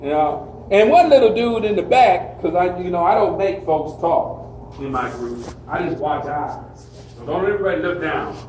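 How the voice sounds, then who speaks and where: Brief: man in his 60s, counselor lecturing, high-pitched folksy storytelling, roomy far-off sound with light noise. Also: animated, moderate pace, darkish tone. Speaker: group counselor. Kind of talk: talk to an audience. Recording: echoey hall, voice heard from afar.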